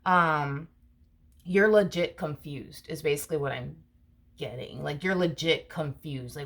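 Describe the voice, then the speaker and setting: A woman with a low voice talks viewers through a tarot reading in a loose, rambling way. She circles back on her points and leans on fillers as she goes. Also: measured pace. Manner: chatty, repetitive, many fillers like "you know" and "um". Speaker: tarot reader. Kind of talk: casual tarot reading monologue.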